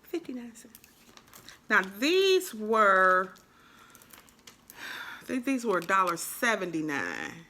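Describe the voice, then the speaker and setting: A woman vlogging in a casual, chatty way about crafts, animated and full of shout-outs to other creators. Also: mid-range voice, slow, pauses often, slight background noise. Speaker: crochet vlogger. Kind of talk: casual chat.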